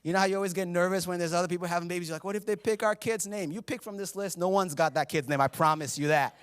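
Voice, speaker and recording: A man's voice: high-pitched, steady tone, rapid-fire, smooth. A man preaching a sermon as pastor, joking and conversational, laughing at himself between scripture readings. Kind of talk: humorous sermon. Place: church sanctuary.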